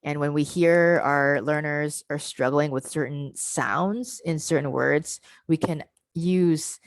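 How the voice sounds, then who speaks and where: In an online teacher-training workshop, a woman with a low voice presents via computer mic on a video call, with no echo in the audio. She goes step by step, slowly modeling sounds and asking "right?" to check in.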